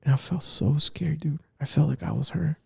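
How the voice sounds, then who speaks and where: Gravelly man telling a story. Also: on the high side, steady tone, moderate pace, dark tone, dry recording, clean studio sound. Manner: emotional storyteller, drops to near whisper when serious. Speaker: podcast co-host. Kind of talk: casual storytelling chat.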